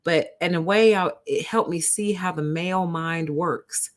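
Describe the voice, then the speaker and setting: A woman hosting a livestream, telling a story to her chat in an animated way and calling her listeners honey and y'all. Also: fairly low pitch, measured pace, hardly any pauses. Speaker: host.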